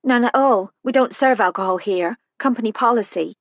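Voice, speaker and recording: A jumpy young care-home aide, played by a woman narrator in an audiobook, answering in a higher, hurried, deferential voice. She dodges the questions. The sound is close and dry. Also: dry recording, close to an everyday voice. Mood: nervous, evasive.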